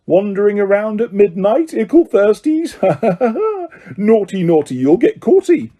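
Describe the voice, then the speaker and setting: A man's voice: sits high, sing-song, moderate pace, mellow, voice pushed up. A man voicing a mischievous male poltergeist who taunts in a cackling sing-song voice. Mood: gleeful taunting.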